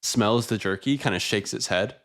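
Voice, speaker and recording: A man's voice: fairly low pitch, normal speed, fairly bright tone. A man running a tabletop game as game master, narrating loosely with fillers.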